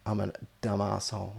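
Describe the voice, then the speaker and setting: A man's voice: on the low side, vocal fry. A man, a podcast host, telling a rambling, blunt, profane story about his own life. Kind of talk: candid storytelling monologue.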